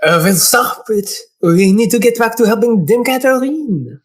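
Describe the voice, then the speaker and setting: A man voicing a dutiful, proper bird assistant in a let's play, reading the lines in a lowered, earnest tone. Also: animated, moderate pace. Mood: scolding.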